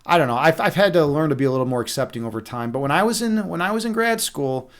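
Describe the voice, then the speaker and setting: A man's voice: on the high side, lively intonation, fast talker. A middle-aged man hosting a livestream, chatting casually and loosely, with many restarts, fillers and the odd curse. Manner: loose and profane. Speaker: livestream host. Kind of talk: rambling casual livestream chat.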